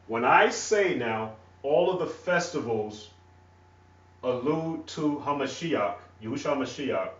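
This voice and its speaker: A man with a rural North Carolina accent teaching a religious lesson. He talks in halting, repeated phrases and keeps checking in with "all right?". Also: mid-range voice, animated, fairly bright tone. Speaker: ministry teacher. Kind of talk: teaching a religious lesson while writing on a board. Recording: echoey room, far from mic, dull lo-fi.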